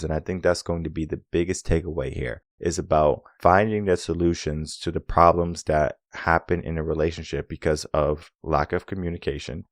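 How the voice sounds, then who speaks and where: A man's voice: deep voice, dry recording. A man coaching listeners on relationships in a solo talk. He makes his points with rhetorical questions and acts out bits of dialogue. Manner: acts out quoted dialogue in an animated way.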